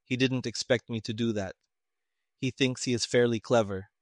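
A man reading a story, voicing a calm male civilian investigator who speaks tonelessly and deliberately. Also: mid-range voice, no room sound, clean studio sound, lightly acted. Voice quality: toneless, flat. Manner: slow, deliberate, sparing with words.

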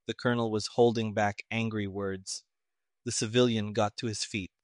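A man reading a story aloud in measured, even audiobook narration. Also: fairly low pitch, no echo, clean studio sound.

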